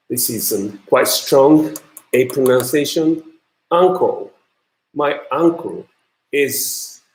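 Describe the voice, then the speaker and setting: Slow, halting lecturer in an echoey room. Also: male voice, medium pitch. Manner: halting, many ums and uhs. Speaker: university lecturer. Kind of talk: classroom lecture on pronunciation.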